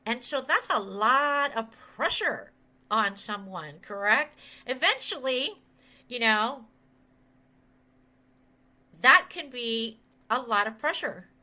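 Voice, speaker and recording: A middle-aged woman who is a pastor and author delivers a conversational sermon full of storytelling, loose and chatty. Her somewhat high voice rings bright and forceful; she speaks slowly, pauses often, rambles through anecdotes, and animatedly quotes others in their voices.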